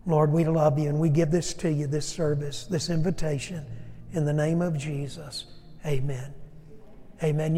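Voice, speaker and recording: A pastor preaches a sermon and leads an altar call in a church sanctuary, speaking earnestly and directly to his congregation. His voice is a bit high and a bit mellow, echoing in a large hall.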